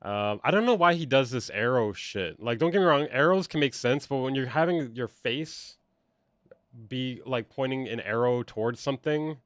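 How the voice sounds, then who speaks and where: A man's voice: mid-range voice, animated, normal speed, clear, resonant tone, no room sound, clean studio sound. A young man doing casual livestream commentary as a music producer, blunt and sarcastic, swearing freely as he reacts. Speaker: music producer streamer reacting to online drama.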